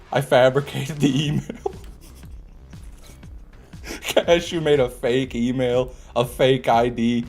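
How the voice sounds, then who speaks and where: A gaming streamer with a mid-range, darkish voice gives casual live commentary as he plays, joking with chat, laughing often and restarting phrases. Game music plays in his streaming setup.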